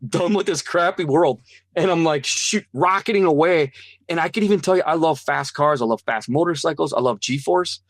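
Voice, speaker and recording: A fairly high-voiced man tells his own story as a guest, earnest and animated, slipping into the voices of the people in it. The sound is dry and close, with no room echo. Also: brisk. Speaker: interview guest. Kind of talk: personal testimony storytelling.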